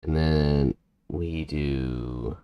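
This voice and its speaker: Slow, low-voiced young man coding. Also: steady tone, smooth, muffled recording. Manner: jokey, thinks aloud while typing. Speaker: game developer. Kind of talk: casual chat while coding.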